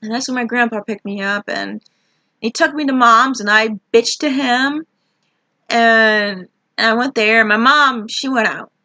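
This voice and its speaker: A woman's voice: fairly high pitch, unhurried, bright, forceful tone, dry recording. A young woman telling a frustrated, rambling story about her job, swearing a lot as she vents. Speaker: vlogger. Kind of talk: ranting personal story.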